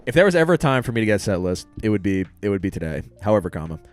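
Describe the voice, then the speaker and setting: A man's voice: on the low side, very animated, very fast, darkish tone, clear, resonant tone, soft background music. A young man co-hosting a podcast, telling a story in casual chat, swearing freely and acting out what people said. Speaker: podcast co-host.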